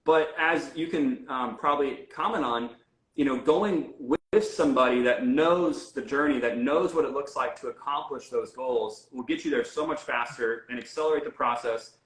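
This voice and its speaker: A man's voice: medium pitch, moderate pace, a bit bright. Man talking casually in an echoey room. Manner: conversational, frequent fillers and restarts. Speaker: guest health coach. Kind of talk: casual interview talk.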